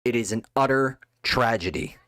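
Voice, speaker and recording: A man's voice: mid-range voice, normal speed, a bit bright, dry recording. A man delivering an angry, contemptuous political rant, full of insults. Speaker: political commentator. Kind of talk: ranting monologue.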